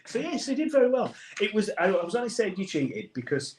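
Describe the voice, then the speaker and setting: A man's voice: high-pitched, big pitch swings, brisk, darkish tone. A man co-hosting a podcast, teasing his friend and laughing in casual chat. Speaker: podcast co-host.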